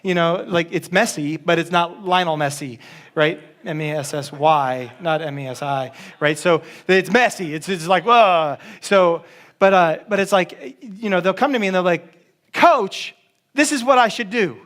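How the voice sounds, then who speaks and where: High-voiced pastor preaching casually. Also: male voice, moderate pace, a bit bright. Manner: casual, joking, with many restarts. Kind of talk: sermon.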